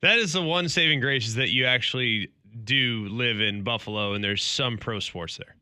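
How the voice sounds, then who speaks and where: Man, sports radio co-host, very bright edgy tone, deadpan one-word jokes, laughs a lot, dry studio mic. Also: mid-range voice, normal speed, clean tone, dry recording. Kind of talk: casual sports talk.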